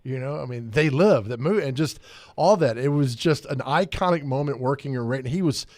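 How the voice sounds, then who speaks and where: A man's voice: medium pitch, expressive, fairly quick, darkish tone, no room sound, studio quality. A man hosting a sports radio show, telling stories in casual chat with enthusiasm and frequent laughter. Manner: enthusiastic storyteller, laughs often. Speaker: radio host. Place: radio studio.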